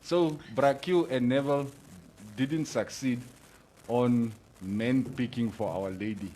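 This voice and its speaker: A man's voice: mid-range voice, slow pace, mellow, a little hiss or hum. A man with a Namibian English accent co-hosting a casual radio show, joking and teasing while mixing in Afrikaans. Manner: teasing, jokey, mixes in Afrikaans.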